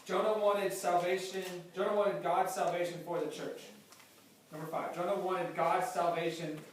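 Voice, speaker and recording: High-voiced pastor in echoey hall. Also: male voice, little pitch movement, moderate pace, a little hiss or hum. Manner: emphatic preaching, repeats key phrases. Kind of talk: sermon. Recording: very echoey hall, mic far off.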